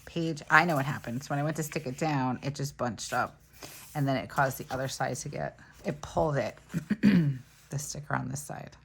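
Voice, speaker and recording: A woman with a very deep, creaky, husky voice that's a little bright talks at normal speed. She's a planner vlogger chatting casually through each crafting step in a tutorial, laughing off her small mistakes.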